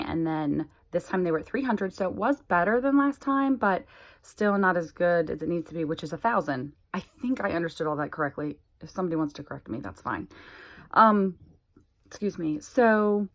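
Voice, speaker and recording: A woman in her forties talking candidly to the camera, chatty and exasperated. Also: fairly low pitch. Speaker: vlogger sharing a health update. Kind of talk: casual chat to camera.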